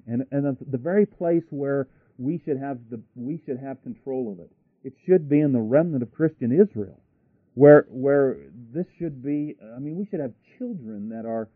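A man's voice: medium pitch, dry recording. A man preaching a sermon emphatically, with rhetorical questions, asides and frequent restarts. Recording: dry, tinny radio broadcast.

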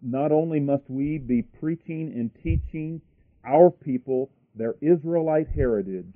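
Emphatic preacher over a tinny line. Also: male voice, a little high, unhurried, dry recording. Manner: emphatic, repeating phrases for stress. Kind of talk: sermon. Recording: tinny phone-like line, dry.

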